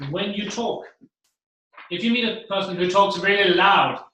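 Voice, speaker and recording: A man gives a motivational keynote talk to an audience. He speaks in an animated way and acts out the voices he describes. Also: high-pitched. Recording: very echoey room.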